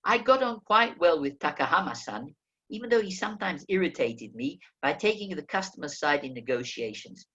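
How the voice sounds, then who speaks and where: A man narrating a first-person memoir as an audiobook reader, telling the story in a lively way. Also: on the high side, a little fast, muffled recording. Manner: lively storytelling, acting out quoted speech.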